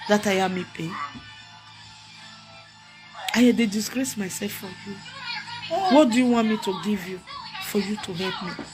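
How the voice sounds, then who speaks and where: This young Nigerian woman, a vlogger, speaks with a Nigerian accent in a medium pitch, taking her time and pausing often. Through tears she repeats her emotional plea for help to the camera while music plays behind her.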